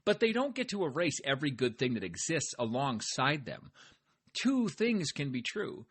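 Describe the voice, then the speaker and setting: This farmer runs a podcast where he gives a laid-back, positive motivational monologue, often turning to address listeners directly. His voice sits on the high side, swings widely in pitch, and is fairly bright and husky at a normal speed.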